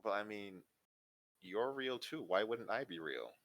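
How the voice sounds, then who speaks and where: A man voicing a small six-armed blue spirit woman who answers softly and matter-of-factly. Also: fairly low pitch, big pitch swings, measured pace, full character voice. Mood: puzzled.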